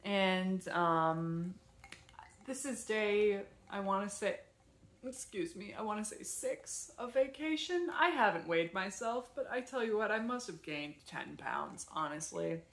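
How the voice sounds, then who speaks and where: A woman vlogger casually retelling her day at home, rambling and animated with lots of fillers. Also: mid-range voice, a little slow. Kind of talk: casual storytelling vlog. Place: her apartment. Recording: echoey room.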